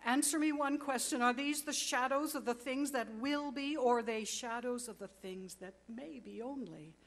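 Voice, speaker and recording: A remorseful old miser, read aloud by a woman in a storybook reading, with a fairly high voice and urgent, exclamatory lines. He calls out eagerly and leans hard into each plea. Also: moderate pace, natural voice. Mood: pleading. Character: remorseful old miser, pleading then overjoyed.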